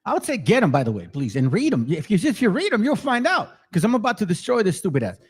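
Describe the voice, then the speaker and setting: A man's voice: high voice, wildly swooping pitch, fast, husky. Heated, profane man ranting. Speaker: channel host. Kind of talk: angry commentary over played videos.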